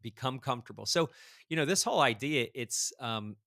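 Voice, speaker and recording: Guy telling a story on a podcast, animated, lots of um and like, dry close mic. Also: medium pitch, a little fast, vocal fry, no room sound. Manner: animated storyteller acting out dialogue, frequent fillers. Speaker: guest author. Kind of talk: casual storytelling in a podcast conversation.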